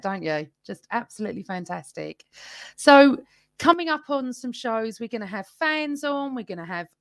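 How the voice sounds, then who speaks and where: A woman hosts a live fan podcast by herself, chatting casually and reading viewers' comments aloud. Her voice sits a little high. The sound is close and dry, with no room echo. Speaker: podcast host. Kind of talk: live-stream fan chat.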